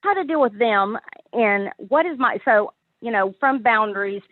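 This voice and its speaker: A woman caller asking for advice, talking in a hesitant, halting way with many restarts. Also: on the high side, animated, a little hiss or hum. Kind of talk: call-in advice conversation. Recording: tinny phone line.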